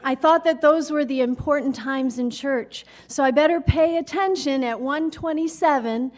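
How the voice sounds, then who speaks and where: A woman performs a comic monologue with a wry, self-mocking delivery. Her voice sits high for a woman, and she tells her stories on stage. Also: normal speed.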